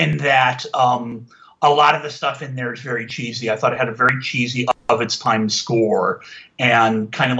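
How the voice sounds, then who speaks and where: A man talks through a TV review in a loose, rambling way, piling up fillers and restarts. His voice is bright and forceful at a middling pitch, and he gets animated when he complains. The recording sounds somewhat dull and lo-fi. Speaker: podcast reviewer. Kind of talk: casual spoken review.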